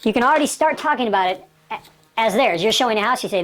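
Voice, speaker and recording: A woman's voice: fairly high pitch, animated, fast talker, a bit bright. A woman teaching sales technique in an emphatic, repetitive lecture style, often checking in with "okay?". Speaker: sales trainer.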